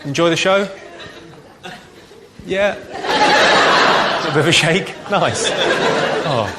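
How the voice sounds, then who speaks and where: Man, stand-up comedian, deadpan one-liners, slightly high voice, loud background noise. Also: very slow, a loud crowd. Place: live comedy venue.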